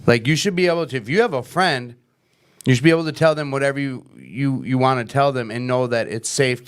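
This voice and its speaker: A man's voice: mid-range voice, a little fast, clear, resonant tone. A man hosting a casual recovery chat, speaking earnestly and plainly with loose phrasing.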